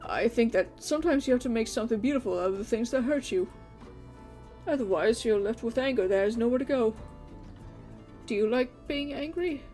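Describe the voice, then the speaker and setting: A woman voicing a gentle, wise innkeeper who gives encouraging advice. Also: fairly high pitch, fairly quick, soft background music, natural voice. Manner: warm, encouraging counsel. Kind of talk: fan voice acting of a game.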